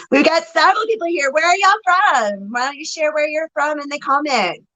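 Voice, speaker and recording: A woman's voice: sits high, sharp tone, low-quality recording. A woman hosting a casual livestream, chatting, laughing and greeting viewers by name as a psychic reader.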